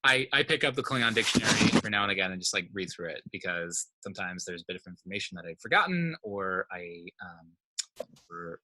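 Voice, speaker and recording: A man's voice: deep voice, animated, brisk, pushed and bright. A man teaching a language class, explaining step by step and often checking in with his students. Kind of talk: informal online class lesson.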